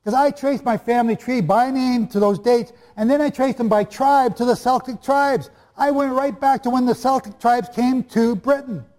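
Speaking at a moderate pace with hardly any pauses, a man with an extremely high, darkish voice preaches on the Bible to a live crowd. He's conversational and funny, regularly quizzing listeners, and the large hall adds a long reverb.

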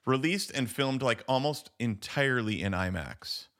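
Male podcast co-host, bright voice, casual rambling chat with many restarts. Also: medium pitch, animated, moderate pace. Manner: rambling, lots of "like" and restarts, laughs often. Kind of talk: casual chat about a film.

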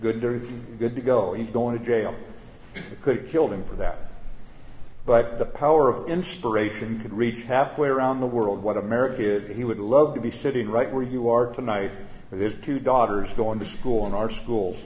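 An older man, a retired general, giving a plain-spoken speech with anecdotes to a live audience, halting now and then with fillers. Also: mid-range voice, a little mellow. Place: event venue before an evening audience. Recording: roomy room with faint ambience.

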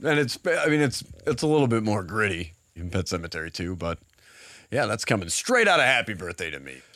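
Male podcast host, low-ish, animated delivery, chatty and rambling. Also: a little fast, no echo, studio quality. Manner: rambling, chatty, full of fillers. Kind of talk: casual chat.

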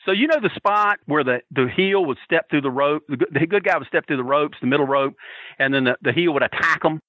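A man telling a story on a podcast, loud and profane, acting out the shouts of the crowd with laughter. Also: a little high, fairly quick, no room sound, highs cut off. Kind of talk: animated storytelling.

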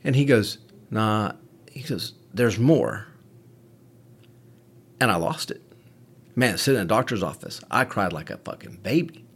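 A man's voice: fairly low pitch, animated, fairly quick, a bit bright, breathy edge. A man, a medic and podcast host, telling a candid story in casual conversation with frequent swearing.

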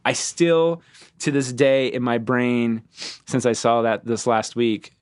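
A man hosting a casual podcast chat about a film, animated and swearing freely, often acting out lines from the movie. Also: mid-range voice, takes it slowly, clear, resonant tone. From Ohio, US. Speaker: podcast host.

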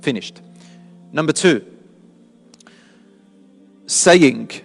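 A man's voice: a little high, animated, drawn-out words, vocal fry. A man delivers a mosque lesson, explaining each point and asking his listeners questions. His voice rings with a long hall reverb, and faint music sits underneath. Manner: explanatory, asks the audience questions. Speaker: religious teacher.

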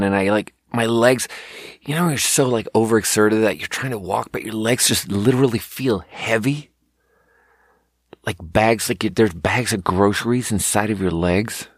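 Profane, rambling man with a low voice. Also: normal speed, dry recording, clean studio sound. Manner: rambling, profane, self-mocking storytelling with bursts of mimicry. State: worn out. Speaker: podcast host. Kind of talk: casual comedic monologue.

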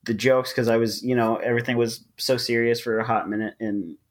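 A man co-hosting a casual podcast chat about manga, rambling with lots of fillers and quick laughs. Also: medium pitch, little pitch movement. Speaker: podcast co-host.

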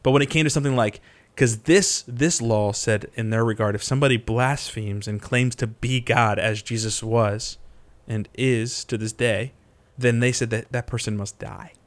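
A man casually retelling a Bible story as a podcast co-host, animated and full of fillers. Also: mid-range voice, normal speed, hardly any pauses.

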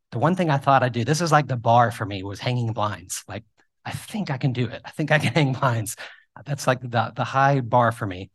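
A man preaching a sermon, telling self-deprecating personal stories in a conversational, animated way. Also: mid-range voice. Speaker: pastor.

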